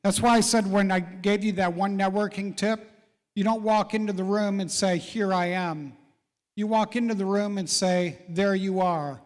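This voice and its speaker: A man's voice: sits high, fairly even intonation, normal speed. A middle-aged man hosting a live real estate event, folksy and encouraging as he calls out people in the audience by name. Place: large event hall. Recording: reverberant event hall.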